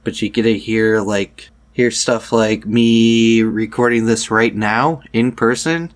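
Male host, lowish voice, dry deadpan outro. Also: slow pace. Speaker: podcast host. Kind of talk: podcast outro.

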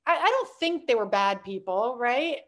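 A woman with a high voice speaks as a guest in a relaxed interview. She is chatty and animated in her wording, peppering her talk with fillers and quick laughs. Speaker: startup founder, guest.

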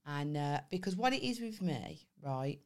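A woman's voice: sits low, moderate pace. A woman, telling a wild story on a casual podcast and swearing freely. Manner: animated storyteller, swearing, acts out voices with laughter. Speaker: podcast co-host. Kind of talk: casual chat.

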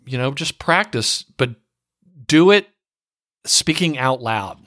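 A man's voice: mid-range voice, expressive, takes it slowly, a bit bright, dry recording, clean studio sound. A man hosting an interview podcast, asking questions in a playful, joking manner. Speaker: podcast host. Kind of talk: conversational interview.

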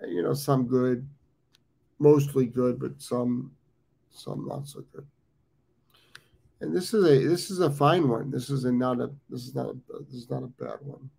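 A man's voice: medium pitch, a little slow, creaky, pauses often, warm tone, slightly rough. A man in his fifties with an American accent, hosting a live dog training show in casual talk, rambling and repeating himself with many ums. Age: 50s. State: has the hiccups.

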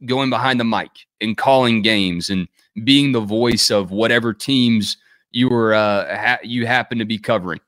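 A man's voice: mid-range voice, fairly bright tone, no room sound, studio quality. A man hosting an interview show, easygoing and asking long, rambling questions. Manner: easygoing, laughs along, asks long questions. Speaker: show host. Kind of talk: interview conversation.

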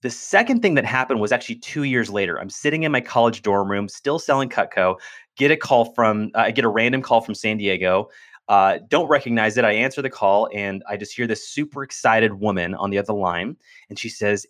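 A man speaking as an interview guest, telling a personal story in an earnest, animated way and often restarting his phrases. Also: on the low side, fairly quick. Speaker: podcast guest, business speaker.

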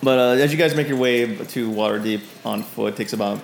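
A man's voice: medium pitch, fairly quick, gravelly, roomy sound, slight background noise. A man narrating a tabletop game as game master, loose and hesitant with many fillers.

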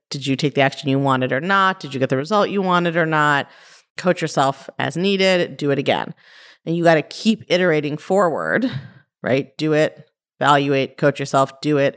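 A woman hosting her own podcast as a coach, talking casually and bluntly, often saying "like" and "right?" and swearing now and then. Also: low-pitched. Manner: conversational, frequent "like" and "right?", mild swearing. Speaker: podcast host and life coach. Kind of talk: casual solo podcast talk.

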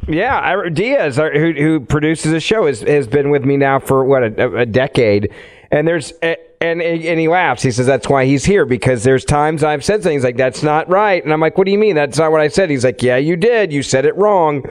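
A male talk radio host swaps anecdotes with his guest in easy, conversational back-and-forth. His voice is smooth and resonant, and it sits a little higher than average for a man. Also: animated. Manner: conversational, quick to agree, anecdotal. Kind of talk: casual interview chat.

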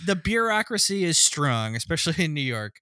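A sarcastic man riffing in a casual podcast chat. He swears freely and his pitch moves a lot. His voice is bright, and the sound is dry. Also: big pitch swings, fairly quick, dry recording. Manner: sarcastic, profane, goes into silly voices. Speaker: podcast co-host. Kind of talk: casual movie-review chat.

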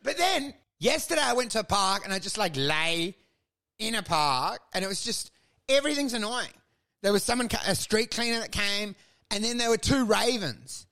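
A man riffs through a crude comic rant on a podcast, his voice sitting high with a gravelly rasp. He rambles, curses often and breaks into shouted, squealing impressions of the people in his stories. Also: lively intonation, moderate pace. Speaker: podcast co-host.

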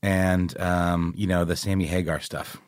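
A man's voice: low voice, level tone, measured pace, no echo, clean studio sound. A man in his thirties co-hosting a podcast in casual, joking banter. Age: 30s. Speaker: podcast co-host. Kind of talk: casual chat.

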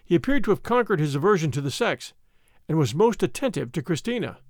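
A man narrating a story in a measured audiobook reading. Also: on the high side, big pitch swings, no room sound, studio quality.

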